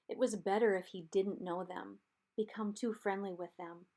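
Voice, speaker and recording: A woman's voice: mid-range voice, vocal fry. Woman reading an audiobook chapter. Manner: steady, measured storytelling. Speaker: audiobook narrator.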